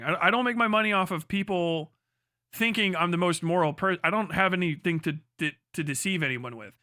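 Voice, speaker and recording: A man's voice: high-pitched, sharp tone, no room sound, clean studio sound. A man ranting on a livestream, heated, sarcastic and full of swearing. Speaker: streamer. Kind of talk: livestream rant.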